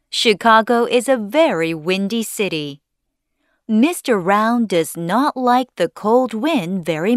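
A woman narrating a children's story slowly in short, clearly spaced sentences. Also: mid-range voice, dry recording, studio quality.

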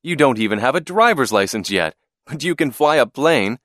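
A man's voice: mid-range voice, animated, moderate pace, dry recording, studio quality, pitched above the performer's own voice, close to an everyday voice. A man voicing a cheerful, encouraging father. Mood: kindly. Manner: warm, encouraging.

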